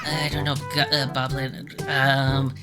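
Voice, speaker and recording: Woman doing flustered shouting goblins. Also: very deep voice, completely flat delivery, slow pace. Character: dim, flustered goblin bidders. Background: background music.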